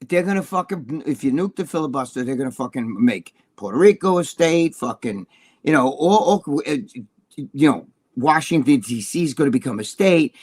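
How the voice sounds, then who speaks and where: High-pitched, profane man in his sixties. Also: darkish tone, husky, dry recording. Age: 60s. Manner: profane, combative, rambling. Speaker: co-host. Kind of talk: heated political rant on a talk show.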